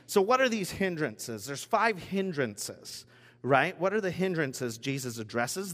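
Male pastor with a slightly high voice. Easygoing, talky preaching with asides. Long hall reverb. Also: a bit bright. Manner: casual, chatty preaching with asides and jokes. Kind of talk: conversational sermon.

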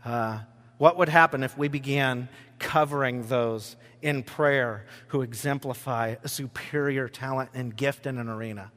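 A man's voice: medium pitch, unhurried, a bit bright. A man preaching a sermon as pastor, talking conversationally and joking with his congregation in a church hall. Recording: long church-hall reverb.

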